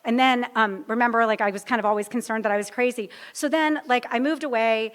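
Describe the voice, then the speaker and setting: Fifty-something woman sharing her story at a meeting, funny and self-deprecating, keeps getting sidetracked, slightly high voice. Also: quick pace, a bit bright. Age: 50s. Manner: rambling, humorous, self-deprecating, easily sidetracked. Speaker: speaker at a recovery meeting. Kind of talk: personal story told to a live audience.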